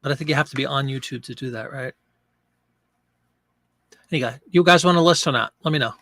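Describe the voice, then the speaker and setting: A man's voice: medium pitch, brisk, sharp tone, dry recording, clean studio sound. A man hosting a live selling stream, chatting casually and joking as he reads viewer comments aloud.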